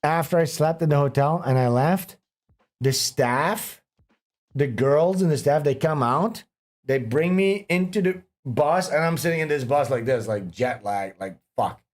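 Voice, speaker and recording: A man's voice: a little high, unhurried. A man hosting a livestream, telling long, rambling stories with lots of swearing, in casual chat. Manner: rambling, profane storytelling. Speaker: livestream host.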